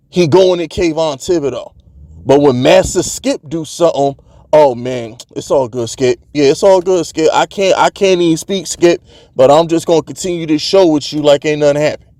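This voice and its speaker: A man's voice: on the high side, gravelly, darkish tone, dry recording, clean studio sound. A man hosting his own sports channel, delivering a heated, fired-up commentary rant in streetwise slang.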